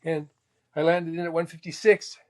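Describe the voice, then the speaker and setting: A man from Canada, a former tour golfer, telling stories as a guest in a lively, casual way, acting out quotes with sudden exclamations. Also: a little high, normal speed. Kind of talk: casual storytelling.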